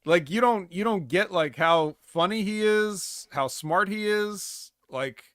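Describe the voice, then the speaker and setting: A man's voice: high voice, expressive, slow pace, fairly bright tone, dry recording, clean studio sound. A man co-hosting a wrestling podcast, telling stories in a rambling casual chat full of fillers. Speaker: podcast co-host.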